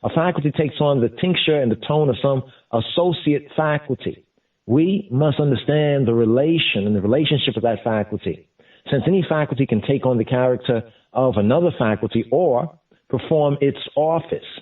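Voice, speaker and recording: A man teaching scripture in a deliberate way, repeating and glossing each term as he goes. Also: mid-range voice. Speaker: Bible teacher. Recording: distant, phone-like lo-fi sound.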